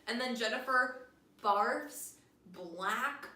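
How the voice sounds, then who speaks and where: A young woman hosting a podcast, tipsy on wine, recapping a film in a jokey, animated way and acting out quotes. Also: medium pitch, normal speed. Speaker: podcast host. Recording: echoey room, distant mic, faint noise.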